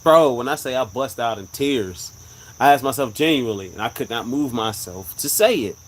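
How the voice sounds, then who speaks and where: A man's voice: mid-range voice, lively intonation, moderate pace, poor audio. A man hosting a live stream, telling a personal story earnestly and repeating his points for emphasis. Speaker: livestream host sharing a religious testimony. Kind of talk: live-stream casual talk.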